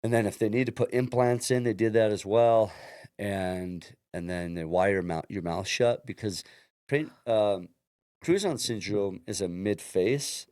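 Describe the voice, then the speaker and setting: A man's voice: on the low side, a little slow, darkish tone, dry recording, studio quality. A man guest on an interview podcast, telling his own story earnestly and often restarting his sentences. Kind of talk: casual interview chat.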